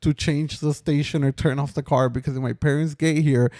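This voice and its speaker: A man's voice: a little high, fairly even intonation, fairly quick, dark tone, no room sound, clean studio sound. A young man co-hosting a casual podcast, telling a story in a rambling way full of "like" and "um". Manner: rambling, lots of "like" and "um". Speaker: podcast co-host.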